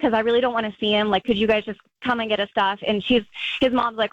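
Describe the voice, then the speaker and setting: A woman's voice: a little high, normal speed, no echo. A woman calling in to a radio show, telling her story in a chatty way with lots of "like" and acted-out quotes. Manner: chatty, peppers speech with "like", acts out quotes. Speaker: caller. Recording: dull lo-fi phone call on radio.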